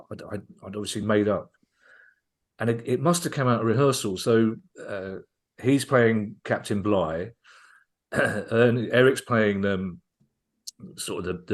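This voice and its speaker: Low-voiced man telling a comedy anecdote. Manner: enthusiastic anecdote-teller, restarting sentences as he goes. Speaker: guest comedian. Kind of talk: casual podcast storytelling.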